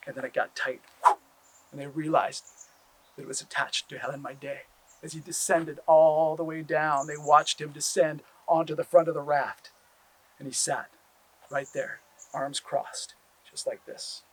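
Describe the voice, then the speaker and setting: Husky-voiced man telling a folk tale. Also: on the high side, low-quality recording. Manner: animated, repetitive, drawn-out phrasing. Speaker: storyteller. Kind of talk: oral storytelling.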